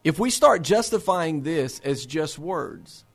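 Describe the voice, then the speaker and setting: Man, high voice, impassioned, rhetorical questions, earnest address to believers. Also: animated, slow pace, creaky, faint music behind. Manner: impassioned, rhetorical questions, repeats words when starting phrases. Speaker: speaker for a faith-based resource center.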